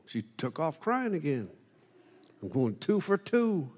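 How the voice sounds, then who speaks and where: A man preaching a sermon, telling funny stories in an animated, self-deprecating way to a congregation. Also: on the high side, a little slow. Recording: long hall reverb.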